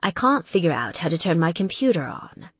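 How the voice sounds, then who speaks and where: A woman playing a smooth, coaxing young man. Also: on the low side, sing-song, a little fast, no room sound, highs cut off, exaggerated voice.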